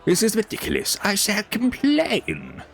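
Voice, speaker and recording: A man's voice: sits high, huge pitch swings, measured pace, gravelly, fairly bright tone, voice pushed up, exaggerated voice. A pompous nobleman squawks his demands in a voice pushed far above its natural range, as a man puts him on. He sounds affronted and haughty, and he pushes every word out with force. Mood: outraged. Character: indignant shrill male noble, easily affronted.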